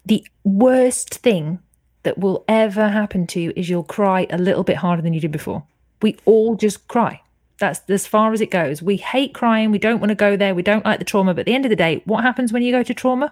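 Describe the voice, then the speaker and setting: As a podcast guest on a video call, a woman shares her personal story frankly and earnestly, swearing freely. Her voice sits at a medium pitch, and the studio-quality recording has no echo.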